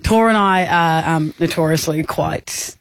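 A man's voice: on the high side, a little slow, creaky, a bit bright, no echo. A man with an Australian accent co-hosting a radio show, telling stories in playful, laughing banter from a studio. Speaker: radio co-host. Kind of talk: casual on-air banter.

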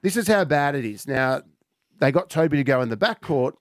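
An Australian man hosting a radio show, telling a lively anecdote and acting out the people in it. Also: a little high, a little fast, no echo, clean studio sound. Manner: animated, acts out voices in anecdotes. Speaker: radio host. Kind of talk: casual on-air storytelling.

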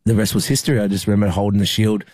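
A young Australian man speaks in a very low, dark voice. He keeps a flat, even delivery and often stops to restart his sentences with fillers. The sound is dry and close. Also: no echo. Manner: halting, many fillers and restarts. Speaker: rugby league player. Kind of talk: emotional interview recollection.

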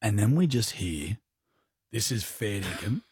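A man's voice: fairly low pitch, big pitch swings, measured pace, very noisy. A man with an Australian accent, a radio host rambling through a story in casual, crude, self-deprecating banter. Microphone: studio microphone.

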